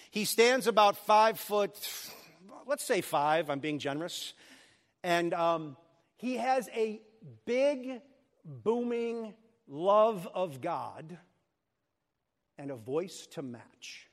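Joking pastor preaching in a reverberant hall. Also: male voice, high voice. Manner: animated, joking asides to the congregation. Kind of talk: sermon. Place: church sanctuary.

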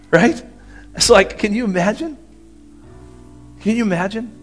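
A man's voice: high-pitched, sing-song, normal speed, long pauses, faint music behind. A man preaching a sermon in a conversational way, often checking in with the congregation. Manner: conversational, asks the audience for agreement. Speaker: pastor.

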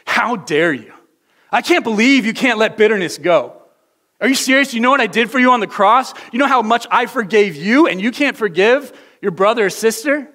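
A man voicing a harsh, condemning male voice imagined as God, shouting insults and scolding. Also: sits high, expressive, moderate pace, voice pushed up, heavily acted. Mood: scornful.

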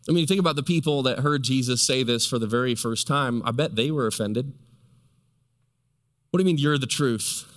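A male pastor with a fairly high voice preaches in a big hall whose sound rings out in a long tail. He fires rhetorical questions at his listeners and draws out the words he wants to land. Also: a bit bright. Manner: emphatic, rhetorical questions to the congregation; stretches key words slowly for emphasis. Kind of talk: sermon.

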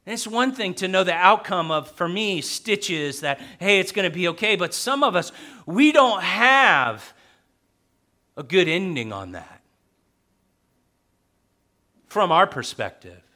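Slow, bright-voiced male pastor preaching. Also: high voice, big pitch swings. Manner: emphatic, repeats key phrases, swings from soft to loud. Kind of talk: sermon.

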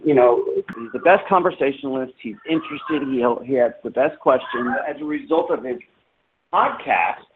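A middle-aged man co-hosting a podcast, talking in a rambling casual way with lots of fillers and restarts. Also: medium pitch. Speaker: podcast co-host. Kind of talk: casual chat. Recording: tinny phone line with faint noise.

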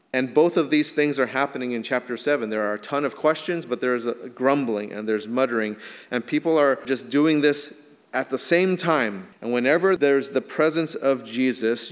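A male pastor preaching a sermon, swinging from emphatic rises to soft, quiet drops. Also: mid-range voice, long reverb tail. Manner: earnest preaching, rising emphatic then dropping soft.

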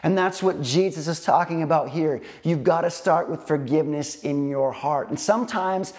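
A man preaching a sermon, earnest and slow, repeating phrases with emphatic pauses. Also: on the high side, darkish tone. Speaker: pastor.

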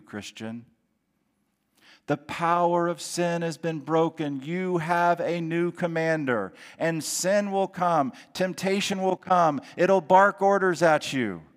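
A male pastor preaches slowly and deliberately, leaning on repeated phrases to drive each point home. His voice sits a little on the high side for a man. It carries a long, spacious reverb, as if the sermon were delivered in a large hall. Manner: deliberate preaching with emphatic repetition.

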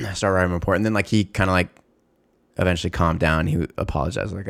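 A man telling a story in casual, animated talk, heavy on swearing, fillers and restarts. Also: deep voice, fast talker, vocal fry. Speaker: former store security guard.

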